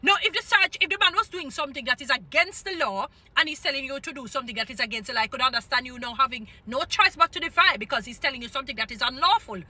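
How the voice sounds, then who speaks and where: A woman's voice: high-pitched, animated, fast, few pauses, bright, forceful tone. A middle-aged woman with a Jamaican accent, ranting in an indignant, scolding commentary and repeating her points.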